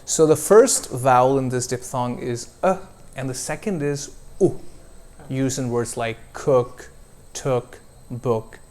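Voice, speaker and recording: During a one-on-one pronunciation lesson, a male accent coach speaks slowly and without hurry, stretching out each vowel as he models words for his student. His voice sits in a plain middle range and sounds a little mellow.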